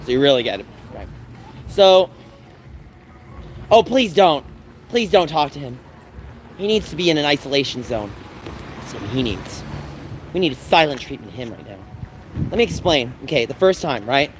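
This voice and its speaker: A man's voice: medium pitch, big pitch swings, normal speed, pauses often, a little hiss or hum, rough recording. A man livestreaming to his viewers, telling an agitated, rambling story and repeating himself as he vents. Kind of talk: livestream chat, ranting to viewers.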